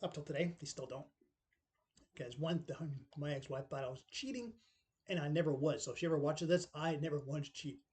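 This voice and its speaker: A middle-aged man recounts a personal story in loose, rambling talk. His voice sits a little high for a man yet sounds mellow and relaxed. He keeps tossing in tag questions and acting out what others said. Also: a little fast. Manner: rambling, full of tag questions and acted-out quotes. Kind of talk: casual spoken storytelling.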